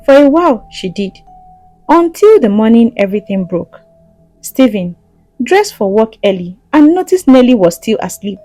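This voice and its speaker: A woman's voice: fairly high pitch, big pitch swings, moderate pace, dark tone, dry recording, faint music behind, rough recording. A woman narrating a scripted story in a dramatic way, with asides to the listener.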